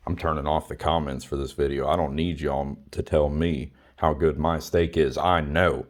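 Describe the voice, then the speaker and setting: Low-voiced guy doing a casual cooking vid on his phone in his kitchen, blunt, crude, keeps repeating himself. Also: little pitch movement, unhurried. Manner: blunt, crude and repetitive, hammering on instructions. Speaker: home cook showing a recipe. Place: home kitchen. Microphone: phone camera.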